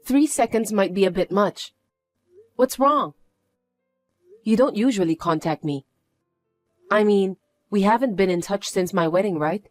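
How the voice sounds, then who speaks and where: A woman reading a story aloud as its main character, speaking in a flat, weary and dismissive way. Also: medium pitch, normal speed, pauses often, no room sound, faint music behind.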